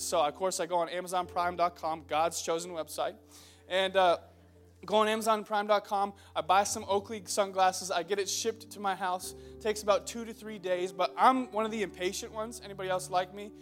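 A man's voice: high-pitched, a bit bright. A young man preaching a sermon to a church congregation, opening with a comic story before turning earnest. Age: young adult. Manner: joking storyteller who builds into earnest exhortation. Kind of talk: humorous sermon.

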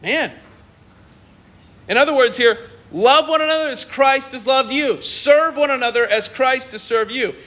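A male pastor preaches from a church stage in an earnest, emphatic sermon. His voice is high and bright, and he often restarts and repeats phrases for stress. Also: unhurried. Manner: earnest, emphatic, with many repetitions.

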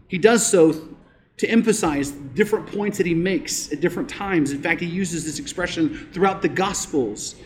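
A pastor preaching a sermon, emphatic, rising to loud declarations and dropping to quiet asides. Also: male voice, high voice.

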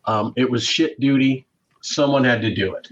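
A man plays a stern Roman commander in a tabletop game, laying out a tense situation in a measured, matter-of-fact way. His voice sits in a middling pitch. The recording is dull and lo-fi. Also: natural voice. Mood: grim, businesslike. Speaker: game master voicing a character.

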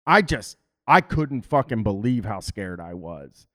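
A man's voice: lowish voice, sing-song, unhurried, pushed and bright. Profane, blunt joking man host. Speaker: stream host. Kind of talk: casual chat.

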